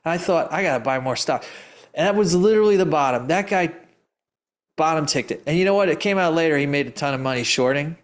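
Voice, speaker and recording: A man who teaches investing answers audience questions live, his voice a little high with lively intonation as he talks fast. He tells stories emphatically and ramblingly, often laughing and restarting his sentences.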